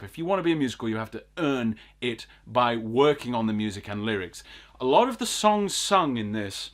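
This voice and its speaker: A man's voice: medium pitch, a bit bright. A man co-hosting a film podcast, ranting in an exasperated, emphatic way and repeating his points.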